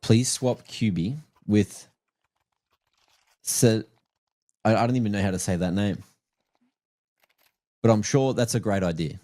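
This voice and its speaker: Male esports caster with a slightly low voice; quick, chatty, jokey play-by-play on a headset. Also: dark tone. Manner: chatty and joking, teases players and viewers. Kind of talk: live play-by-play game commentary.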